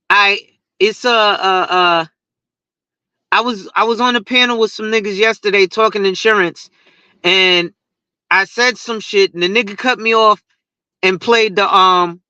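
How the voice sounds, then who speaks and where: A man's voice: high-pitched, pushed and bright, no room sound, muffled recording. A man who talks insurance on social media, ranting in a casual, profane and rambling way and laughing at his own stories. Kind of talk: casual rant to camera.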